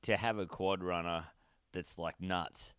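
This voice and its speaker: A man's voice: sits low, steady tone, measured pace, a bit bright, smooth, dry recording, clean studio sound. An Australian man co-hosting a podcast in casual chat, laid-back and rambling, swearing freely. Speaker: podcast co-host.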